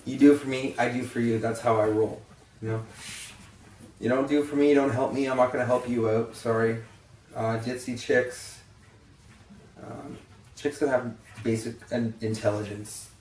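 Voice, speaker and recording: A man's voice: mid-range voice, steady tone, normal speed, long pauses, darkish tone, a little hiss or hum. A young man in a casual vlog, talking bluntly and swearing freely, rambling with many fillers and sounding tired, yawning. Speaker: vlogger. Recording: echoey room, distant from the mic.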